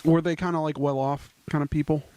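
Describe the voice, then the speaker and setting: A man's voice: fairly high pitch, fairly even intonation, quick pace, a little mellow, a little hiss or hum. A young man co-hosting a podcast, laid-back and swearing casually in chat. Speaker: podcast co-host.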